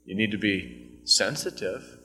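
A man's voice: fairly low pitch, expressive, unhurried, bright, forceful tone, breathy edge, long reverb tail. A man preaching an evening sermon as pastor, talking conversationally and swelling into fervent scripture reading.

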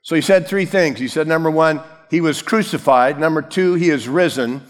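Male pastor, slightly high voice, casual humorous sermon, long hall reverb. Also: moderate pace. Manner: storytelling, acting out biblical characters with lively voices.

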